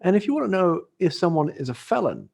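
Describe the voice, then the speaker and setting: High-pitched, gravelly, husky and darkish, this middle-aged Englishman talks fast and very animatedly as a podcast guest. A dating industry expert, he keeps the interview casual, laughing often and repeatedly restarting phrases.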